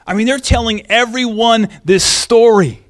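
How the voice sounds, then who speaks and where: A man preaching a sermon in a casual, animated way, reading scripture and praying. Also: very high voice, measured pace. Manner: casual, animated teaching with restarts. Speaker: pastor.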